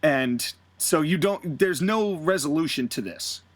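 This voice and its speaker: Animated male podcast host. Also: on the high side, unhurried, no room sound. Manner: animated storytelling, casual swearing. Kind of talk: casual recap of fantasy wrestling booking.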